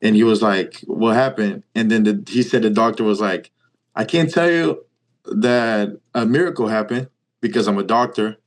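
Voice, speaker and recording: A young Brazilian man in his twenties, whose first language is Portuguese, speaks with a Brazilian accent in a lowish voice at normal speed. As an interview guest he casually and animatedly retells a story, acting out quoted dialogue and frequently saying "like."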